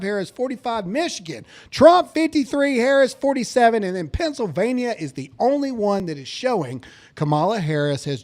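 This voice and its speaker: A man hosting a casual political commentary show, animated and quick to laugh, often repeating words as he gets going. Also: high-pitched. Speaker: podcast host.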